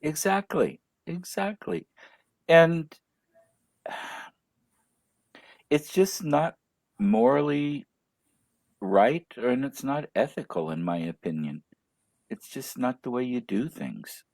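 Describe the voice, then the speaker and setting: A man hosting a live interview, speaking slowly and thoughtfully as he agrees with his guest. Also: medium pitch, big pitch swings, creaky, darkish tone, dry recording. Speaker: host.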